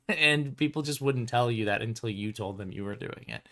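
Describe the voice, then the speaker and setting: This tabletop game publisher and show host has an ordinary mid-range pitch, moderate pace, and fairly bright tone. In casual livestream chat he rambles loosely, leaning on "um" and "like" and laughing between thoughts.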